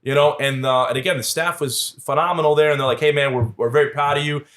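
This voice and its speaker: A man, telling lively stories as a podcast guest and acting out the voices of the people in them. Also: fairly high pitch, fast talker. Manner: animated storyteller, acts out quoted voices. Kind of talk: casual storytelling interview.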